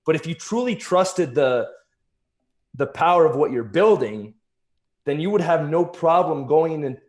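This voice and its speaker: A man's voice: on the high side, lively intonation, unhurried, darkish tone. A man in casual business conversation, explaining his points earnestly with examples.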